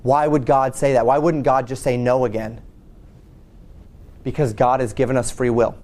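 A man's voice: mid-range voice, level tone, moderate pace, darkish tone. A man preaching a sermon, retelling a Bible story in a loose, conversational way with frequent restarts. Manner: conversational, storytelling, repeats himself. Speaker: pastor.

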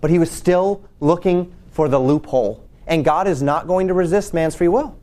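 A man's voice: a little high, normal speed, warm tone. Conversational male preacher telling a story. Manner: conversational, storytelling, repeats himself. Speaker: pastor. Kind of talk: sermon.

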